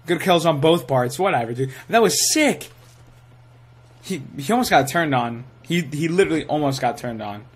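A young man giving live commentary while playing a shooter game, excitable and swearing, sometimes saying he is tired. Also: a little high, normal speed, husky. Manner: excitable, swears, yells at kills. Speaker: gaming streamer.

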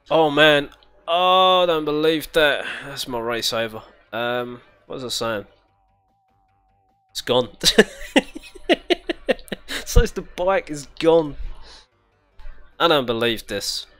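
A man's voice: medium pitch, a little slow, pauses often, bright, forceful tone, soft background music. A young British man commentating casually while playing a racing game, chatty, swearing and giggling often. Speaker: gaming channel host. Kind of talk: casual let's-play commentary.

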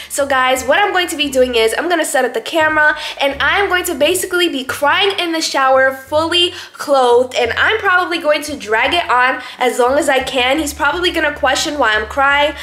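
A woman hosting a casual vlog, talking loudly and upbeat straight to her viewers. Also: high-pitched. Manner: loud and upbeat, addresses viewers directly. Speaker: channel host. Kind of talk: casual vlog chat to camera. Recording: echoey room.

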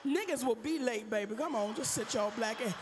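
A woman stand-up comedian telling a profane story in a brash style with loud outbursts, on a live stage. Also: a little high, fairly quick, noisy background. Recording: reverberant live venue.

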